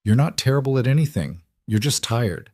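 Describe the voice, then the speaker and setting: A man voicing a patient young single father, steady and gently firm in a storybook reading. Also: mid-range voice, fairly quick, dry recording, studio quality, voice pushed up. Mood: reassuring. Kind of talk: storybook dialogue.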